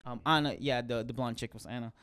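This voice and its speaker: A man co-hosting a casual podcast chat, rambling and animated as he recounts scenes. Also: mid-range voice, quick pace, smooth, no echo. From Philippines. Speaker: podcast co-host.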